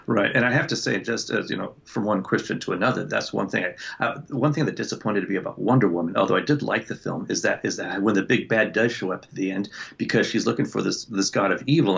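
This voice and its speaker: A man chatting casually on a video call as a book club guest, rambling and restarting his sentences with quick laughs. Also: lowish voice, vocal fry, fairly bright tone, husky. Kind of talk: casual chat. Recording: dull lo-fi call audio.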